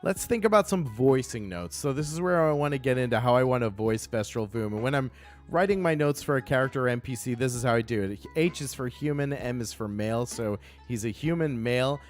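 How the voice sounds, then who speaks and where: A man's voice: medium pitch, animated, a little fast, soft background music. Casting: male game-master streamer, casual, thinks aloud, mid-range voice. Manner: thinking aloud, explaining his process. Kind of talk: casual live-stream chat.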